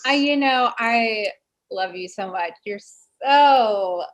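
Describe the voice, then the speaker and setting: A woman hosting an interview in a conversational way. She is warm and affirming toward her guest, speaking with animated enthusiasm. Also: fairly high pitch, takes it slowly, low-quality recording. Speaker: podcast host.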